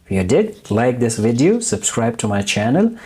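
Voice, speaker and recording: A man teaching English in a recorded lesson, slowly drilling verb forms and repeating each one deliberately. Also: mid-range voice, sing-song, darkish tone, slightly rough.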